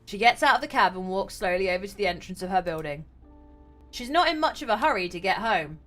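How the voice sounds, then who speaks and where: Woman game streamer, reads aloud, bursts into excited asides, middle pitch. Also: faint music behind. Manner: excitable, quick outbursts, laughs at herself. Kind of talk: reading a story game aloud with live reactions.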